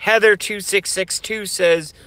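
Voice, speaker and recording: Slow, bright-toned ranting man. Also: high-pitched, fairly even intonation, no room sound. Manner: profane, rambling rant with repeated catchphrases. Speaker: streamer. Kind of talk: satirical ranting livestream.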